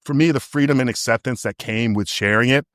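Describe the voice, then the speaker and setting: A man's voice: medium pitch, fairly quick, a bit bright, no room sound, studio quality. A man, a podcast guest and coach, telling a personal story in a candid, emotional way, full of fillers and restarts. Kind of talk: casual interview storytelling.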